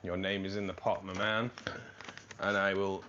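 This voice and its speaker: A man hosts a casual livestream from a room at home, chatting with viewers, calling them mate and reading the chat aloud. His voice is low and level, at normal speed with long pauses and a sharp edge, and it sounds a little tired. The lo-fi recording carries a slight hiss or hum.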